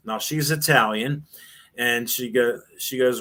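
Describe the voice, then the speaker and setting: A man's voice: medium pitch, measured pace, pushed and bright. An older man, a former sports radio host, telling rambling anecdotes in an interview and acting out the voices of the people he quotes. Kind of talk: storytelling in a casual interview.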